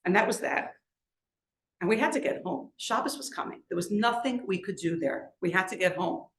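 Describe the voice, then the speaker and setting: A woman's voice: medium pitch, moderate pace, echoey room. A middle-aged woman giving a talk, telling a personal story in an earnest, conversational way with lots of "like" and "you know". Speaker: guest speaker. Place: event hall with a live audience.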